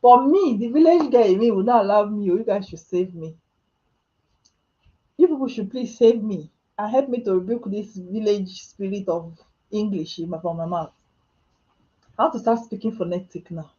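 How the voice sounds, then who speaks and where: A Nigerian woman chats on a live stream, joking about herself and breaking into laughter between answers to viewers. Her voice is mellow and warm, and the sound is a bit dull and muffled. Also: mid-range voice, normal speed. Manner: chatty and self-mocking, laughing often, with Nigerian Pidgin asides. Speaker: vlogger answering live chat questions. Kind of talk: casual live-stream chat. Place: home.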